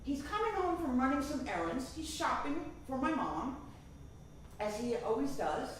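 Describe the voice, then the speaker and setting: A woman doing stand-up comedy, telling a family story in an animated, dramatic way. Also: high voice, moderate pace, very echoey, recorded from a distance, slight background noise, low-quality recording.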